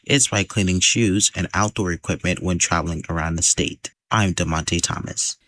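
A man reporter narrating a radio news feature in a calm, steady way. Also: sits low, moderate pace, dry recording.

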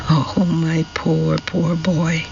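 A man's voice: a little high, completely flat delivery, extremely slow, creaky, lo-fi sound, background noise, full character voice. A man voicing Mrs Ali, an older woman who pleads anxiously and emotionally with her nephew. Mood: grieving.

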